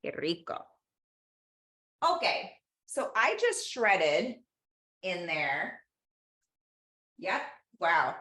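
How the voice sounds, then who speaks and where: A woman's voice: lowish voice, sing-song, drawn-out words, pauses often, bright, forceful tone. A woman teaching an online cooking class, telling stories and mixing in Spanish words as she cooks. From Los Angeles. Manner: chatty storyteller, mixes in Spanish words. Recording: echoey room.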